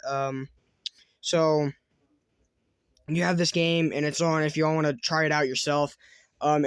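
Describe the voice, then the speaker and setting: A man's voice: fairly high pitch, clear, resonant tone, no echo. A man hosting a let's-play, reading a text adventure aloud with casual chatty commentary, often stumbling over words and restarting. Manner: stumbling reads, restarts and fillers.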